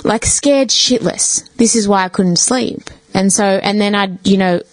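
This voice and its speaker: A woman's voice: medium pitch, measured pace, poor audio. A woman, a podcast guest telling a personal story in casual chat, swearing freely and filling with "like". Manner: chatty, swears freely, fills with "like".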